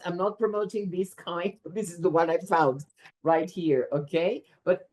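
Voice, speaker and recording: This teacher trainer, a woman whose voice is on the low side, runs a lively workshop for teachers. Her delivery is animated and expressive, punctuated by frequent quick "right?" check-ins.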